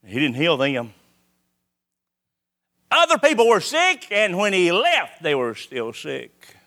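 A man preaching a sermon, swinging between loud calls and hushed lines. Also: high-pitched, huge pitch swings, slow.

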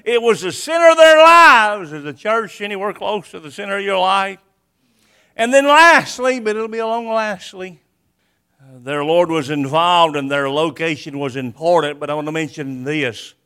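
A man preaching an impassioned sermon, rhythmic and swinging from hushed to loud. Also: fairly high pitch, normal speed, clean tone.

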